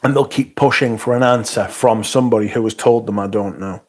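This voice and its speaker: A man's voice: fairly low pitch, fairly quick, darkish tone. A middle-aged man, hosting a livestream in a loose, rambling, swear-heavy chat and reading out viewer comments. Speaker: livestream host.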